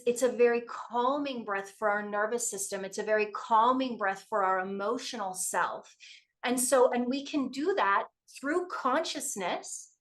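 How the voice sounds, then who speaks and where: A Canadian woman, a yoga teacher, calmly explaining breathing practices as a podcast guest. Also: a little high. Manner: calm, explanatory, steady guidance with frequent affirming replies. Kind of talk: podcast conversation.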